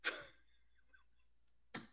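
A man hosting a sports radio show, ranting in a comic way and acting out angry fans. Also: drawn-out words. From United States. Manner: animated, acts out angry fans in bursts. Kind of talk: loud comic sports talk rant.

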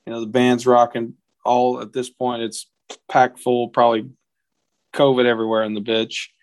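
Chatting casually on a podcast, a young man shares a story in a mid-range voice captured close-up with a dry sound. He performs the quoted lines in a brighter, higher register, while his overall tone is level and his speed normal.

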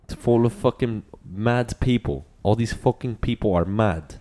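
A man's voice: lowish voice, fairly quick, dark tone, lightly acted. A man putting on the voice of a brash, swearing English street lad who grumbles about crowds. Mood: grumbling.

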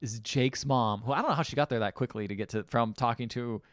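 A man's voice: medium pitch, fast talker, a bit bright, no echo, studio quality. A young man casually recapping a film, acting out the characters' lines in mock voices and swearing freely. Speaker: podcast co-host recapping a film. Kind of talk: casual chat.

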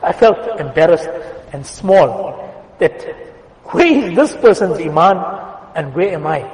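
A man preaching a Friday sermon with a fairly high voice, telling stories earnestly. He slows down and goes soft for quoted words. His voice rings through a big hall with a long reverb. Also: expressive. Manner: earnest storytelling, slowing and softening for quoted words. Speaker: imam giving a Friday sermon. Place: mosque prayer hall.

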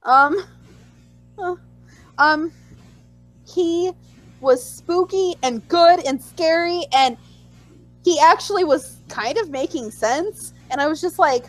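A woman co-hosting a casual chat, animated and acting out her own reactions in squeals. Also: extremely high pitch, slow pace, pauses often, soft background music, poor audio. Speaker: podcast co-host.

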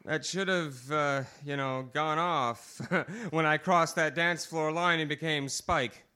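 A man with a high, very bright and cutting voice performs a slam poem on a live bar stage. He is theatrical, lurching from shouted bursts down to near whispers. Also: takes it slowly, clean tone. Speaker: slam poet.

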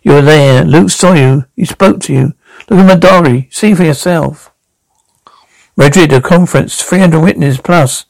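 A man's voice: a little high, normal speed, creaky, no room sound, rough recording. A man playing an evasive, defensive middle-aged male suspect in an audio drama.

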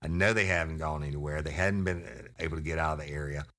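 A man's voice: very deep voice, fairly even intonation, quick pace, bright, forceful tone. An older man telling a story about his police days, blunt and profane. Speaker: retired sheriff's deputy storyteller. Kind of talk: casual storytelling to an audience.

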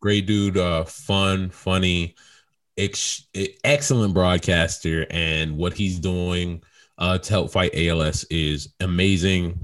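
Male podcast co-host, very low voice, loose easygoing banter. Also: fairly even intonation, takes it slowly, fairly bright tone. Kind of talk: casual chat.

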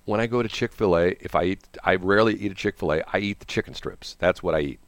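In a radio studio, a fast-talking man with a low-pitched voice hosts a morning show, telling a rambling story on air. He's animated and acts out the people he quotes, and there's no echo.

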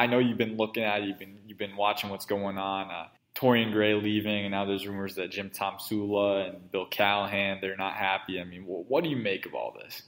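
A man's voice: lowish voice, fairly bright tone. A man hosting a sports podcast, talking casually in a loose, rambling way with plenty of fillers. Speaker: podcast host.

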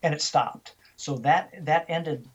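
Older male guest, animated storyteller, husky tone, muffled lo-fi line. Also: a little high, slow. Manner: animated storyteller, acting out quoted voices. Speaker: interview guest. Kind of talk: storytelling in a radio interview.

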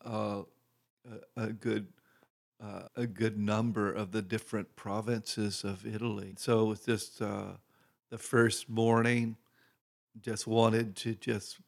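A slow-speaking man with a gravelly, fried edge to his voice shares stories as a guest minister. He rambles a little, with fillers and pauses, and gets louder as a tale builds. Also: fairly low pitch. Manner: unhurried, gravelly, many fillers, grows loud and excited telling stories. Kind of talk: casual storytelling chat.

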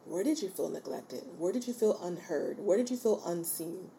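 Warm-voiced woman hosting a casual podcast. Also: lowish voice, expressive, moderate pace, gravelly, a little hiss or hum. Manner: encouraging, checks in with listeners often; chatty and informal. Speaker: podcast host. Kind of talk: casual solo podcast talk.

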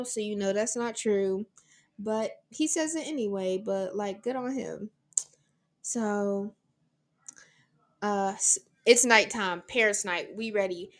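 A woman's voice: medium pitch, a bit bright. A young adult woman co-hosting a podcast, recapping an episode in casual chat with a sarcastic, giggly manner. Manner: sarcastic, giggly, talks over her co-host. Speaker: podcast co-host.

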